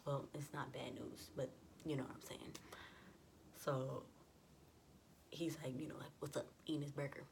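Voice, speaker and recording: A woman's voice: rumbling low, steady tone, moderate pace, vocal fry, pauses often, a little hiss or hum. A young adult woman vlogger telling a personal story in a chatty, casual way, full of "like" and quoted dialogue.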